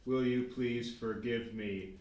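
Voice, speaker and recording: A man's voice: medium pitch, fairly even intonation, takes it slowly, a little mellow, natural voice. A man voicing a sappy, doting wife in a tabletop game scene. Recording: roomy, distant mic, faint noise.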